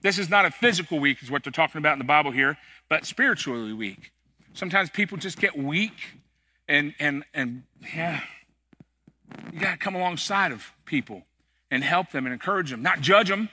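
Bright-voiced, joking male pastor preaching. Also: on the high side, expressive, a little fast. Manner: conversational, joking, emphatic. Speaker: executive pastor. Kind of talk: sermon. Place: church sanctuary.

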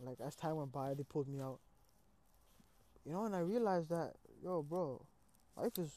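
A man's voice: on the high side, no room sound. A young man in casual conversation, telling a personal story with street slang and lots of "bro", acting out his own reactions. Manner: animated, acts out his own cries.

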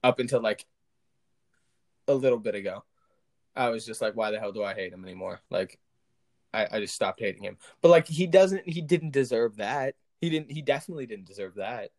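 A man's voice: mid-range voice, expressive, brisk, a little mellow. A young man co-hosting a podcast, talking in a blunt, slangy, casual way. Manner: blunt, slangy, laughs easily. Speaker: podcast co-host. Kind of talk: casual chat.

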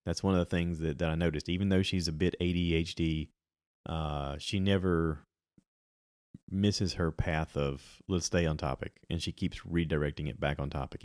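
A man's voice: very deep voice, a little mellow, no echo, studio quality. A middle-aged man chatting casually on his own about movies and podcasts, rambling with many ums and restarts.

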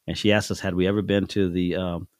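Middle-aged man, low-ish voice, dry close sound; folksy, chuckling storyteller in a casual chat. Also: little pitch movement, quick pace, dry recording. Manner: folksy, chuckling, acts out voices in his anecdotes. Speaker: father telling life stories on his son's podcast.

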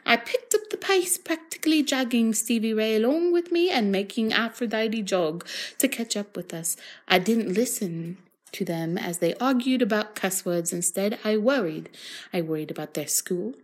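A woman reading a novel aloud in a put-on Australian accent, shrill and over the top. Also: normal speed, lightly acted. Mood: campy. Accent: mock Australian. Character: young female narrator in a mock Australian accent. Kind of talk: comic read-aloud.

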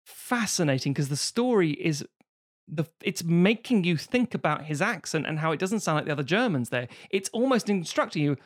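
A man's voice: fairly high pitch, animated, a little fast. A man co-hosting a casual podcast chat, explaining points at length and swearing casually. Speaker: podcast co-host.

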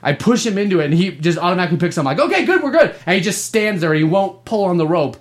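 A man's voice: sits high, rapid-fire. A man co-hosting a gaming podcast, telling stories in a casual, profane way and laughing often. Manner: profane, laughing, animated storytelling. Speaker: podcast co-host.

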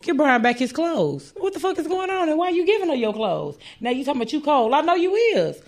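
A middle-aged woman co-hosting a casual chat, telling animated, profane family stories and laughing through them. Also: sits high, fairly quick. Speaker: podcast co-host.

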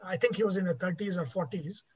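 Lecturing a class in an explanatory way, this man talks fast in a high-pitched voice with crowd noise around him. He often restarts what he's saying and asks "right?", captured in a dull, lo-fi recording.

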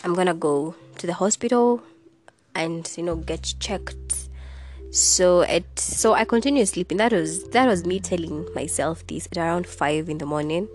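A woman's voice: lowish voice, moderate pace. A young woman hosting her own podcast, candidly telling a personal story in a casual way and laughing between lines. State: sick with fever, lost taste and smell. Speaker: podcast host.

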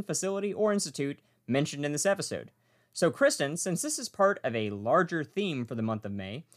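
A man hosting a casual wildlife podcast, playful and joking as he talks. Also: fairly high pitch. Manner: playful, joking, animated delivery. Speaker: podcast host.

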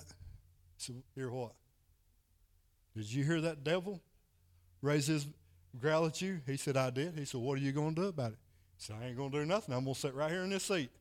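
A man preaching a sermon, retelling a story and repeating "he said" as he goes. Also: fairly high pitch.

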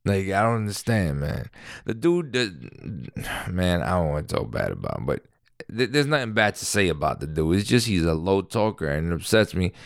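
Deep-voiced man rambling casually. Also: very animated, normal speed, gravelly, no room sound, clean studio sound. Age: 30s. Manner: rambling, full of fillers and restarts. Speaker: vlogger. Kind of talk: casual monologue.

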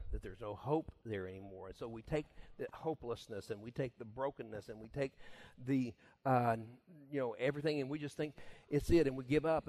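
A man preaching a sermon in a conversational, animated way, acting out scenes and chuckling along. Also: medium pitch.

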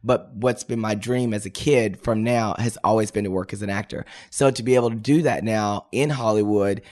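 A man in an interview, an actor and drag performer, telling animated, sassy stories and calling people honey and girl. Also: on the low side, moderate pace.

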